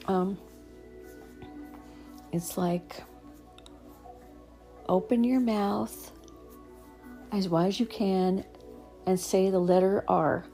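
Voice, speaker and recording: A woman talks someone through tapping and breathing exercises, gentle and unhurried, with soft pauses and the odd "um." Her voice is warm and mellow, and faint music plays behind her. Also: mid-range voice, fairly even intonation. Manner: drops to a whisper at times. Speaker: anxiety relief guide. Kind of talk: calming self-help guidance.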